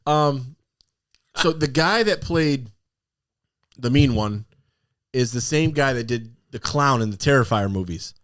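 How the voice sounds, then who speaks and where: A man's voice: medium pitch, lively intonation, unhurried, fairly bright tone, dry recording, clean studio sound. A man co-hosting a podcast, telling stories animatedly and laughing often. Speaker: podcast co-host. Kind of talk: casual chat.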